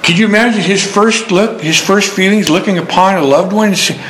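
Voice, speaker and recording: A man's voice: high-pitched, brisk, a bit bright, roomy sound, slight background noise, rough recording. A man preaching a sermon, quoting scripture and telling homespun stories in a folksy manner. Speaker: pastor.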